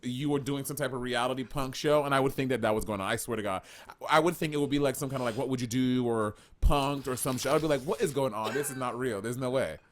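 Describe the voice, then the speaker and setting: A man co-hosting a podcast in casual chat, blunt, profane and excitable. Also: mid-range voice, fast. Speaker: podcast co-host.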